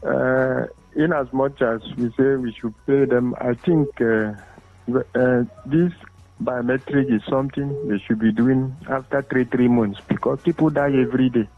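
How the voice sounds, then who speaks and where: A man calling into a radio show, speaking hesitantly with many pauses and fillers. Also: medium pitch, fairly even intonation, soft background music. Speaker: caller. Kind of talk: call-in radio commentary. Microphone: phone call into a radio studio. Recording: thin tinny phone line.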